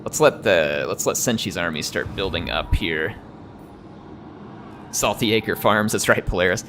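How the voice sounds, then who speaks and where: Deep-voiced chatty American man streaming. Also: unhurried, noisy background. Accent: General American, slight drawl. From United States. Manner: rambling and chatty, chuckles often. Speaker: streamer playing a strategy game. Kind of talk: casual live-stream chat.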